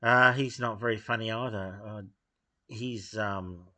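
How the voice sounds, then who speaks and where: A man talking off the cuff in a blunt, dismissive way, pausing often with fillers as he gives his opinions to camera. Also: on the low side, fairly even intonation, bright, forceful tone. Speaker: video host giving opinions. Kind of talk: unscripted opinion monologue.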